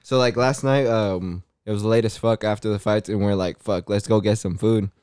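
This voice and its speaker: A low-pitched man with a smooth, resonant voice, recorded dry and close. He tells a story in relaxed, slang-heavy casual chat, swearing freely as he goes. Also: normal speed, no room sound. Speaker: podcast co-host.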